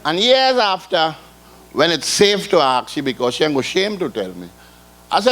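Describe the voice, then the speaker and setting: An older man with a thick Trinidadian accent performs stand-up on a ballroom stage. He tells rambling, folksy stories in island dialect, in a voice pitched a little high for a man. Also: very animated, moderate pace, fairly bright tone, a faint crowd. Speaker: calypso comedian. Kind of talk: live stand-up storytelling. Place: ballroom stage before a live audience.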